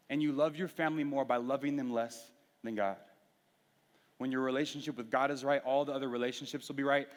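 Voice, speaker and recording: A young man preaching to a youth group, telling a personal story candidly and earnestly, with frequent restarts. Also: fairly high pitch. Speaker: youth pastor. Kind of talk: sermon. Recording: reverberant hall.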